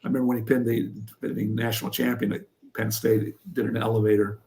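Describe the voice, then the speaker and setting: An older man from Pennsylvania, a former wrestler and coach, telling stories in an interview with lively energy. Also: lowish voice, fast talker, creaky. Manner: animated storyteller who acts out what others said. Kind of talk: storytelling in an interview.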